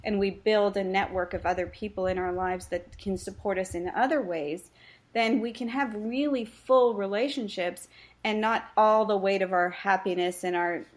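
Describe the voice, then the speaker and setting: A woman's voice: mid-range voice, fairly even intonation, normal speed. A woman face reading practitioner and coach, explaining relationships earnestly in a podcast interview and telling stories about her clients.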